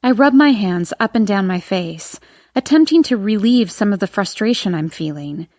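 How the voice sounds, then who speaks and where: First-person audiobook narrator: woman, expressive, mid pitch, dry close studio sound. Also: moderate pace, no echo.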